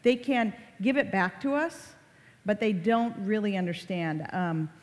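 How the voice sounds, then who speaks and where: A woman educator speaks to a room of parents about kids and the internet, easy and conversational, now and then acting out short quoted lines. Her voice sits at an everyday middle pitch. The sound trails off in the long reverb of a large hall. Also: animated, measured pace. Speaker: online safety educator. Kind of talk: talk to parents.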